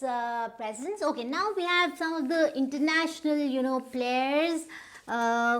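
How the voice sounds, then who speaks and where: A woman with an Indian English accent explains how to say words in an informal lesson. Her voice sits a little high. She talks at an easy pace and often stops to check that her listeners are following. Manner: unhurried, stops often to check understanding with "right?". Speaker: pronunciation teacher.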